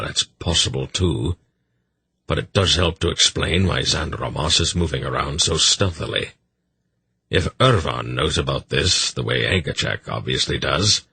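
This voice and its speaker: A man voicing an old male sorcerer in an audiobook, dry and measured, with a gravelly, husky voice. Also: a bass voice, pushed and bright, dry recording, full character voice. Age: older.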